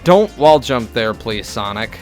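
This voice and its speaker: A young man giving casual let's-play commentary, rambling and halting with lots of fillers and restarts. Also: medium pitch, expressive, faint music behind. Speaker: gameplay commentator.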